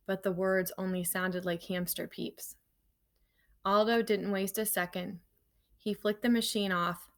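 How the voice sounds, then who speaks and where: Reading a children's novel to her class, this woman teacher has a somewhat low voice and a moderate pace. She tells the story with lively energy and breaks off to chat casually with her students.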